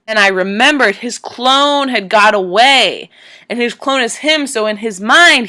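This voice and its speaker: A woman gushing through a movie recap in loose, rambling talk, filled with "like" and "um". Her voice is bright and forward, and it leaps up sharply whenever the story gets to her. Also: clean tone. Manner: rambling, animated, many fillers, voice jumps high when emotional. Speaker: vlogger retelling a movie. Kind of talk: casual excited movie recap.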